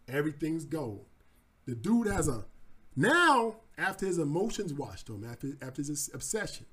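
High, animated man telling a lesson. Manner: casual, slangy, repetitive. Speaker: trading teacher. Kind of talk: storytelling lesson.

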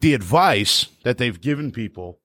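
A man's voice: medium pitch, expressive, normal speed, pushed and bright, no echo. A man riffing and joking in casual comedic banter, swearing and laughing often.

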